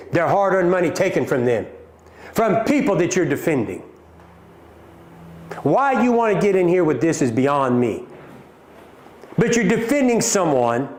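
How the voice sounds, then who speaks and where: A middle-aged man with a Southern American drawl hosts a livestream, firing back at viewer comments with emphatic, repeated points and calling his audience folks. His voice sits a little high for a man. The room around him rings with echo. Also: big pitch swings, moderate pace, long pauses, a little mellow. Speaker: company CEO hosting a livestream. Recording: echoey room.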